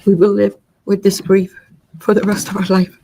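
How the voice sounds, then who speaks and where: A middle-aged woman reading a prepared victim impact statement in court. She speaks in a measured, grieving way and makes small slips as she reads. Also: mid-range voice, monotone, warm tone, poor audio.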